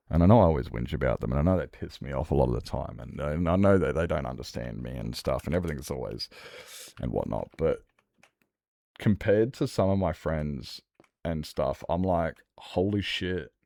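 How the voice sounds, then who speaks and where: Young male streamer, deep voice, dry sound, loose candid sweary chat. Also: gravelly, warm tone, no echo. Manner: rambling, swears freely, candid. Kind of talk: casual livestream chat.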